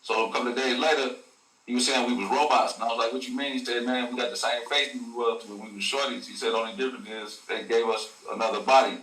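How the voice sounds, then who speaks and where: A man's voice: medium pitch, steady tone, fast talker, a bit bright. A man, a guest telling a story in casual slang, full of profanity and acted quotes. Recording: echoey room, a bit far from the mic.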